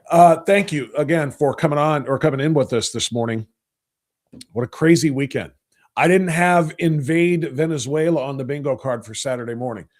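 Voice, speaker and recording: A middle-aged man hosting a livestreamed podcast, talking politics in a rambling, animated, opinionated way. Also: medium pitch. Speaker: podcast host. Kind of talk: casual political commentary livestream.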